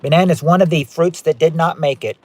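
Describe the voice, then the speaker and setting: A man's voice: on the high side, steady tone, a little fast. A man hosting a live-stream game night, chatting as he reads out viewer guesses and rules on each one. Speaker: game show host.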